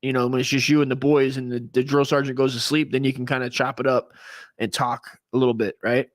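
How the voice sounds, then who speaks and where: A man's voice: medium pitch, level tone, fairly quick. Male podcast host, loose and profane, rambles through stories with plenty of fillers. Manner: earnest when he gets serious. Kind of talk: casual storytelling.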